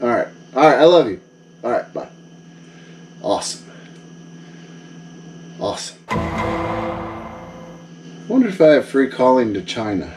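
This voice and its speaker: A man's voice: medium pitch, sing-song, unhurried, long pauses, darkish tone, recorded from a distance, slight background noise. A man who runs a vlog, bragging and bossing people around in a jokey one-sided phone call. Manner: boastful, mock-bossy, joking. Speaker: vlogger.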